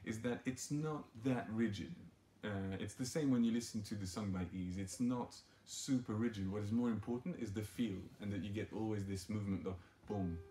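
Low-voiced man teaching ukulele, roomy sound. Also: fairly quick, few pauses, mellow, slight background noise. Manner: playful, rambling, chants rhythm syllables while playing. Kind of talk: casual tutorial, counting strum patterns aloud. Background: ukulele strumming.

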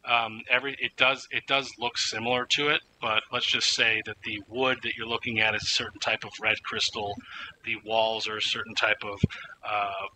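A man narrating a tabletop game as game master, halting with many fillers and restarts. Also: on the low side, little pitch movement, bright, forceful tone, a little hiss or hum, poor audio.

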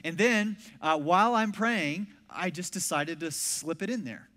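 Male pastor, storytelling sermon, slightly high voice, animated, echoing church hall. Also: measured pace. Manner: animated, acts out quoted voices. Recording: long hall reverb.

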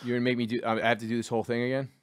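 Chatty podcast host, dry close sound. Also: male voice, mid-range voice, flat delivery, smooth, no room sound. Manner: rapid, chatty delivery. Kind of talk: casual podcast banter and ad read.

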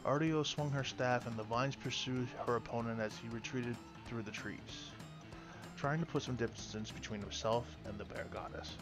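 A man's voice: mid-range voice, normal speed. Man reading a story over music. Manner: reads with slips and restarts. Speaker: lore reader. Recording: music playing behind.

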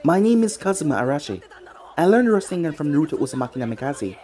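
A narrator reading a fan-fiction story, voicing a cocky young male ninja hero who talks in a calm, confident way. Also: mid-range voice, fast talker, close to an everyday voice.

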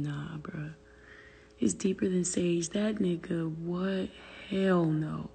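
A woman's voice: lowish voice, slow, gravelly, mellow, husky, long reverb tail. A young woman venting on a phone livestream, profane and exasperated, answering viewer comments aloud. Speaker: livestream host. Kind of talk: casual livestream rant.

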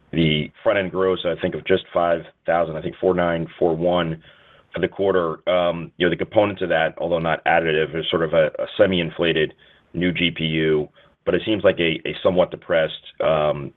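Deep fast-talking analyst on the phone. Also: male voice. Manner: rambling, hedging questions with fillers. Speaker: analyst caller. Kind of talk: earnings call questions. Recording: tinny phone line.

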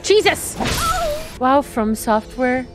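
A young woman commenting on her own video game play in a high, swooping voice. She reacts loudly and with exasperation, swearing often, recorded on a home mic with game music playing under her. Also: animated, slow. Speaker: gaming video creator.

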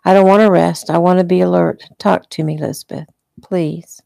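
Woman reading a hurt, tender husband; soft, low, gravelly. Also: steady tone, normal speed, no echo, clean studio sound. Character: injured young husband in hospital bed, tender.

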